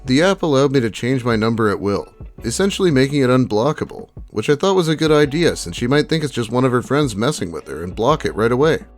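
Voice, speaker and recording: A man's voice: medium pitch, sing-song, fast talker, few pauses, soft background music. A man hosting an online video, reading posts aloud and adding dry, sarcastic asides. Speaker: YouTube host reading Reddit posts.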